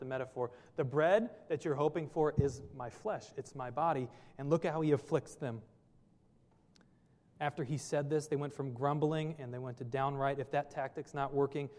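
A man's voice: fairly high pitch, a little mellow. Earnest preacher, man, echoing hall. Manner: earnest preaching with many rhetorical questions. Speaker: pastor. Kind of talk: sermon.

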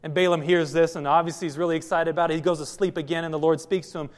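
High-voiced preacher in a reverberant hall. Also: male voice, racing, few pauses. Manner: lively storytelling, addresses listeners directly. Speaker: pastor. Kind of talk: sermon.

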